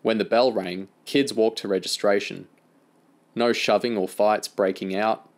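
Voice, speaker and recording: A man with a lowish voice reads a novel aloud as an audiobook reader. His narration is steady and even. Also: measured pace.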